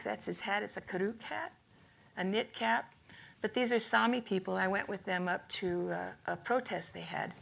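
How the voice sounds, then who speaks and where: An older woman giving a rambling, humorous artist lecture to a live museum audience, chatty and quick to laugh. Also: mid-range voice, creaky. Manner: chatty, laughs often, self-interrupting. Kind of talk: rambling humorous storytelling talk.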